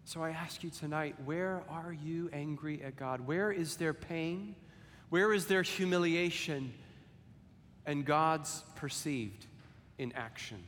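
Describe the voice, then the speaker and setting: A man preaching a sermon and reading scripture, deliberate and measured, lifting his voice for quoted lines and sinking soft on solemn ones. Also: a little high, slight background noise. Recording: long hall reverb, faint ambience.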